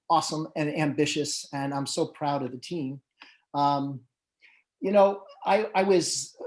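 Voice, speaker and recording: A man who manages musicians moderates a panel, telling anecdotes in a loose, conversational storytelling style full of fillers and restarts. His voice is fairly high and a little mellow.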